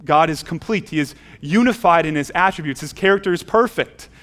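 A man's voice: fairly high pitch, brisk, fairly bright tone. A middle-aged male pastor preaching a sermon in a church, earnest, often repeating words as he restarts his phrases. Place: church sanctuary.

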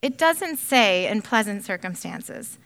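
A woman reading aloud the lines of a calm, faithful woman prisoner, gently insistent and cheerful. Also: medium pitch, a little slow. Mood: serene.

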